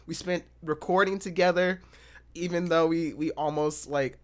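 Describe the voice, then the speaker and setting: A young man hosting a casual chat, halting and full of fillers and restarts. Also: a little high, fairly even intonation. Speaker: host.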